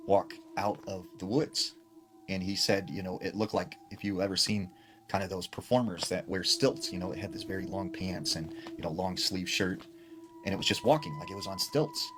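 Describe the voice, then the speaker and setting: Low-voiced man telling ghost stories. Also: background noise. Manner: retells secondhand, with many fillers like "like" and "you know". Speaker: storyteller. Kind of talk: casual spooky storytelling. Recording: clear background music under the voice. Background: background music.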